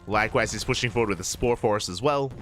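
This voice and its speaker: Excitable male esports caster. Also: fairly low pitch, soft background music. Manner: quick, excitable calls that jump up at big plays. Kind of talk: live play-by-play commentary.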